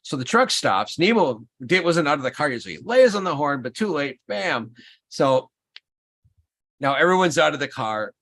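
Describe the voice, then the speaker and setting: A man hosting a livestream in casual chat, telling an animated, rambling story. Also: a little high, normal speed. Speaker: livestream host.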